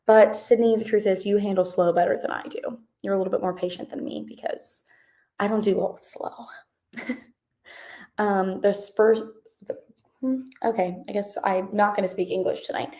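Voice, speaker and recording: A woman's voice: medium pitch, fairly even intonation, normal speed, warm tone. A young woman in her twenties hosting a live reading stream, chatting casually and answering comments in a bubbly, rambling way. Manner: bubbly and chatty, reading chat comments aloud, many fillers. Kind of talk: casual livestream chat.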